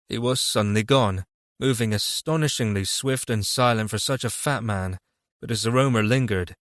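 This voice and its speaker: A man narrating a fantasy audiobook in a steady, even reading voice. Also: lowish voice, normal speed, dry recording, clean studio sound. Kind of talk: scripted narration.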